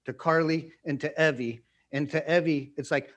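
A man's voice: mid-range voice, fairly quick, few pauses. A man preaching a conversational sermon to a small group, repeating phrases and acting out quoted voices. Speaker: pastor.

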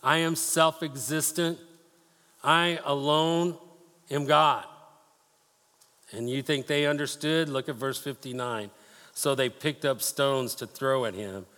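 Pastor preaching in a reverberant hall. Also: male voice, medium pitch, a bit bright. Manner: reads scripture aloud, then explains it with rhetorical questions; casual asides and playful impressions. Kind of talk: sermon.

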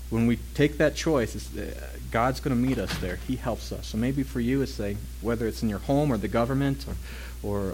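A man's voice: medium pitch, slight background noise. A pastor preaching a sermon in a conversational way, asking rhetorical questions, laughing lightly at times, and raising his voice on emphatic points. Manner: voice rises and gets loud on emphatic points.

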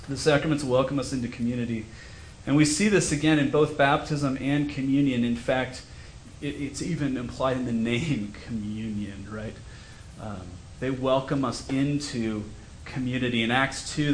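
A man's voice: mid-range voice, reverberant, a little hiss or hum. A male pastor preaching a sermon in a conversational, storytelling way. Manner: conversational, self-deprecating storytelling. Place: church sanctuary.

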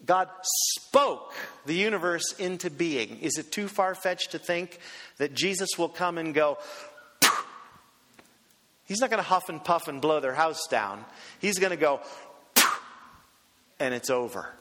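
High-voiced man preaching in a reverberant hall. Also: expressive, unhurried, pauses often, a bit bright. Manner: emphatic preaching with rhetorical questions. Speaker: pastor. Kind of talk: sermon.

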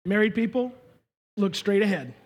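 A man preaching a sermon as pastor in a church, emphatic, swinging between shouted lines and hushed asides. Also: high-pitched, expressive, moderate pace.

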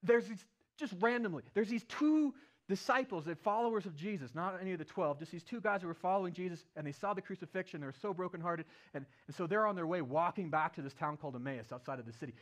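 High-voiced man preaching a storytelling sermon. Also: quick pace. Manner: animated, playful retelling with acted-out quotes. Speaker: pastor.

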